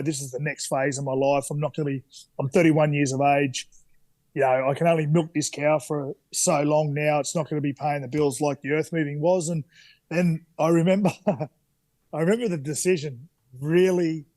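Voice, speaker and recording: In a relaxed interview on a podcast, a thirtysomething Australian guest tells frank stories peppered with fillers and false starts. His voice is a little high, with no echo on the recording.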